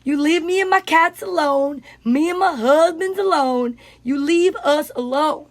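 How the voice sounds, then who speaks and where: A woman's voice: high-pitched, a little slow. A woman doing a comedy impression of a cocky, crude male big-cat zoo owner, talking back defiantly.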